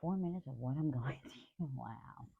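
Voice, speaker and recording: Woman, craft vlogger, gravelly voice, rambling casual chat, apologetic, tinny phone-like sound. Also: low voice, normal speed, no room sound.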